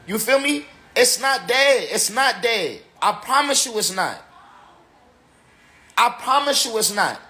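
A man's voice: very high voice, sing-song, a little slow, bright, forceful tone. Tipsy man ranting on a livestream. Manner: emphatic and repetitive, slangy. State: tipsy from drinking. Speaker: battle rapper. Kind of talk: casual livestream rant.

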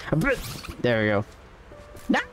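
A streamer giving excitable gaming commentary, yelping, shouting and hyping themselves up. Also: medium pitch, moderate pace, a little hiss or hum. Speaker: streamer playing a platform game.

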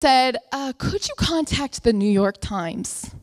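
Animated high-voiced woman telling a story. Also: slow pace. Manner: animated, acts out family members' voices. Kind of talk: live storytelling.

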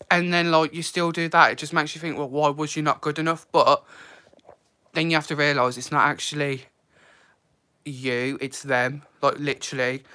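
A man hosts a casual live stream, talking openly and with feeling. His delivery is loose and chatty, full of "like" and "literally." The voice sits bright and forward. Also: fairly high pitch. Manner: chatty and emotional, heavy use of "like" and "literally".

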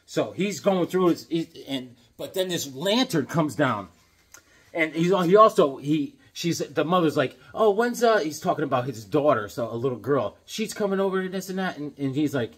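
Middle-aged male comic reviewer, husky and rambling, casual delivery. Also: on the high side, lively intonation, moderate pace. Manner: rambling, repeats and restarts himself. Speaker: comic book video host.

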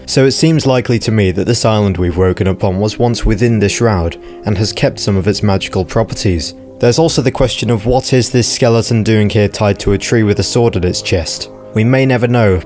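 Low-voiced man narrating with wry asides. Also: a little mellow. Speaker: video game lore narrator. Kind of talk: casual scripted narration.

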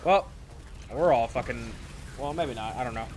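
A man's voice: mid-range voice, moderate pace, darkish tone. A man casually commenting on his own online shooter gameplay, rambling and self-mocking, often repeating himself. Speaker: gaming channel host. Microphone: desk microphone in a squeaky chair. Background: faint game gunfire.

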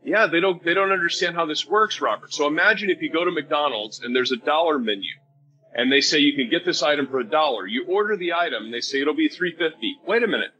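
A man's voice: fairly high pitch, fast talker, sharp tone, highs cut off, faint music behind. A man interviewing a guest, agreeing often and explaining with everyday examples. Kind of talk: casual interview talk.

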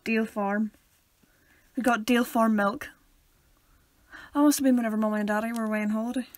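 High-voiced, deadpan young woman. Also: a little fast, no echo. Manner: deadpan teasing, dry one-liners. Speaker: podcast co-host. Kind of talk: casual chat.

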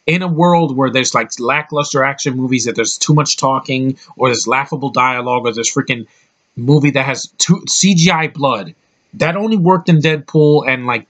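Young man, casual movie review, excitable, rambling, swears a lot, average pitch.

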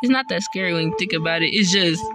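A woman commentating her own gameplay, excitable, often yelling and laughing at the game. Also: lowish voice, quick pace, loud music behind the voice. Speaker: gamer. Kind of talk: let's-play gameplay commentary.

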